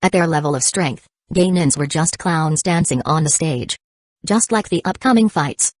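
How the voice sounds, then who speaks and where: A woman narrating a novel as an audiobook in an even, steady reading manner. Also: low-pitched, moderate pace, no room sound.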